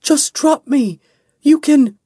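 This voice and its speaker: A woman's voice: sits high, slow pace, dark tone, no echo, clean studio sound. A woman voicing a desperate young woman dangling in a storm, frantic, pleading and sobbing.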